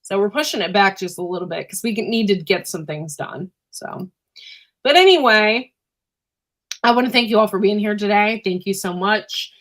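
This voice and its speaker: A woman hosting a casual livestream. She rambles with many fillers and keeps clearing her throat, which is irritated by pepper fumes. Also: mid-range voice, a bit bright. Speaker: livestream host and homesteader. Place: indoors at home.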